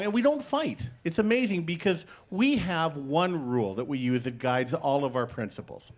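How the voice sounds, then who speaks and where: A middle-aged man doing a stand-up comedy set, playful with deadpan punchlines, acting out both sides of conversations on stage. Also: fairly high pitch. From Canada. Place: comedy stage before a live audience.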